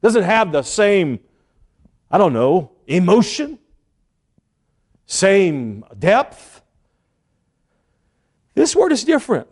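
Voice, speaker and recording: A man with a fairly high voice delivers a sermon. He speaks earnestly, pausing and repeating words, and acts out the quotes he cites. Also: big pitch swings, a little mellow. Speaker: preacher.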